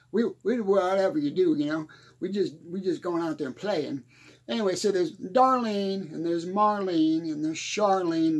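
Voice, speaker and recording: A man playing a rambling small-town country singer, stammering and chuckling as he talks. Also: sits high. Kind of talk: comedic character monologue.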